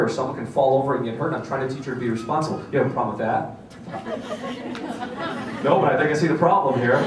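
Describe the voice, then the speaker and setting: Man telling a story in an echoey hall. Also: medium pitch. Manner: halting, many fillers and restarts, acts out dialogue. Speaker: seminar speaker. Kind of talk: storytelling talk at a conference. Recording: echoey hall, distant mic, faint hiss.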